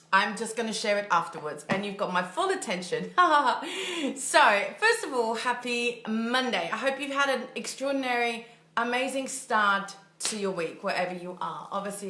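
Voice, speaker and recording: Woman, mindset coach, casual livestream chatter, bright tone, roomy echo. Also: on the high side. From Germany. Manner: chatty, upbeat, thinks aloud and laughs often. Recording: echoey room.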